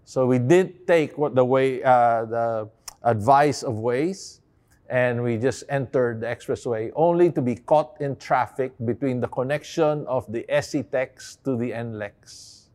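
A man's voice: mid-range voice, a little slow, a little mellow. A man giving a devotional sermon, moving from a reflective story told with hesitant restarts to impassioned, rising emphasis. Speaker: preacher.

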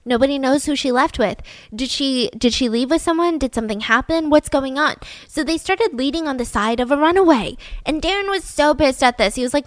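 A young woman retells a case to her co-host in a casual, talkative way, with a lot of "like" and "I mean". Her voice sits a little high. The sound is close and dry, with no room around it. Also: expressive, brisk, no echo. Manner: chatty, leans on fillers like "like" and "I mean". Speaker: podcast co-host. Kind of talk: casual true-crime storytelling.

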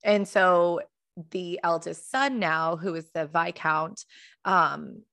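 Gravelly low-voiced woman, chatty podcast host. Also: slow, fairly bright tone, no echo. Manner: chatty, wandering, self-correcting. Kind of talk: casual chat.

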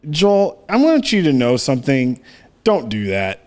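A man's voice: mid-range voice, wildly swooping pitch, a little slow, a little mellow. A man co-hosting a casual comedy podcast, rambling through a bit and laughing often. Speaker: podcast co-host.

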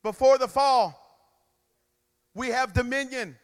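A man with a very high voice preaches in a slow, drawn-out cadence. He punches his points with sudden loud bursts, then drops to quiet asides and has the congregation repeat after him. His sermon rings with the long reverb of a large hall. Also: smooth. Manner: emphatic call-and-response preaching with sudden loud and quiet swings.

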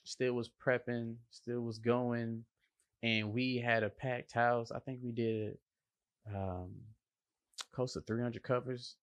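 Slow, animated man with a dry sound. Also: medium pitch, no echo. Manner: animated and slangy, with playful emphasis and sound effects. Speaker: line cook sharing a motivational story. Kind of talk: casual motivational monologue.

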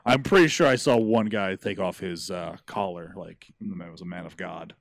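A man co-hosting a casual podcast, tossing in wry, dark jokes. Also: deep voice, normal speed, gravelly, no echo. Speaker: podcast co-host. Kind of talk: casual joking chat.

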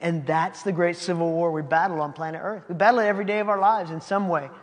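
A man preaches a sermon in a high, light voice, reading passages aloud and breaking into casual, laughing asides. His words ring out with a long reverb, as if in a large hall. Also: fairly even intonation, fast talker. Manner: conversational, reads scripture then comments, laughing asides. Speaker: pastor.

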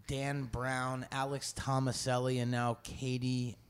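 A man's voice: mid-range voice, completely flat delivery, a little slow, clear, resonant tone. A man co-hosting a casual podcast chat, telling jokes in a dry way and plugging comedy shows. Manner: dry, joking delivery with show plugs.

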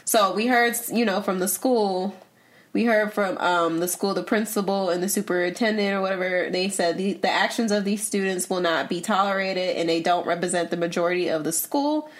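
A woman's voice: medium pitch, moderate pace. Chatty woman cohost. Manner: animated, laughs often, trails off and repeats words. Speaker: podcast co-host. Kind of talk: casual chat, reading news.

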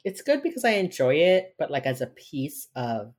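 A woman with an unusually low-pitched voice chats casually as a podcast co-host. She rambles with lots of fillers, swears freely and slips into acted-out quotes. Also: very animated, moderate pace, darkish tone. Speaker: podcast co-host recapping a TV episode. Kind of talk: casual chat.

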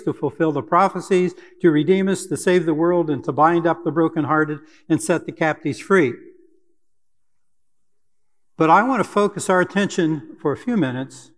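Older male preacher, fairly high voice, earnest and measured, long hall reverb. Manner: earnest, deliberate, with fillers and pauses. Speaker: church elder preaching. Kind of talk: sermon.

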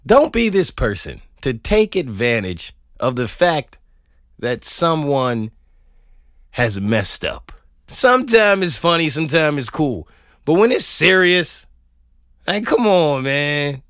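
A man's voice: on the high side, big pitch swings, slow pace, a bit bright, no room sound, studio quality. A man hosting a podcast, ranting comedically, laughing often and swearing freely. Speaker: podcast host. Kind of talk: comedic rant.

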